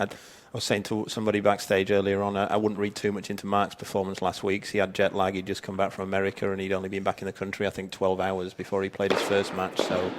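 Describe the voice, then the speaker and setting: A man working as a tennis co-commentator, chatty analysis with frequent restarts. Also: lowish voice.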